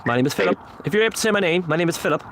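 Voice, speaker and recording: A man with a fairly high voice sits outdoors at night as a paranormal investigator, calling out to spirits in earnest, repetitive pleas. Clear traffic and urban noise hum behind him throughout the recording. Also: lively intonation, rapid-fire, fairly bright tone, poor audio. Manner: repetitive, earnest pleading calls. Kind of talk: solo ghost-hunting vlog, calling out to spirits. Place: outdoors at night, seated on a memorial bench.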